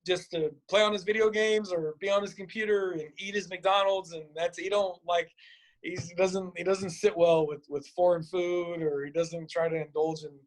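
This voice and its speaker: A middle-aged man from Nebraska, a boxing coach and podcast guest, telling stories in a casual way, acting out quotes with big jumps in pitch and swearing freely. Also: fairly even intonation, normal speed. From Nebraska, USA. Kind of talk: casual storytelling.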